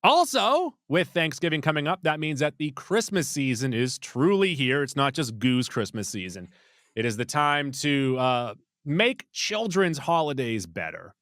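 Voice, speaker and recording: A man's voice: on the high side, big pitch swings, unhurried, a bit bright, no room sound, clean studio sound. A man co-hosting a movie podcast, chatting casually and playfully. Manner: playful, jokey, rattles off lists. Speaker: podcast co-host. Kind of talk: casual chat.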